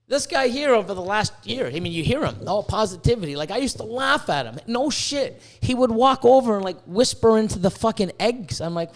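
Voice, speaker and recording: A man with a notably high voice hosts a casual podcast, swearing freely and rambling through animated stories. He sounds hot and sweaty, talking from a warm indoor room. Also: fairly quick, hardly any pauses. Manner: profane, rambling, animated storytelling. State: sweating, overheated. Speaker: podcast host, reptile breeder.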